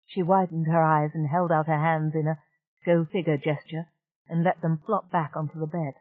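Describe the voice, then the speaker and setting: A woman reading a novel aloud in an even, measured narration. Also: deep voice, dry recording. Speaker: audiobook narrator. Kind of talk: scripted narration. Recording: dry, tinny narrow-band audiobook.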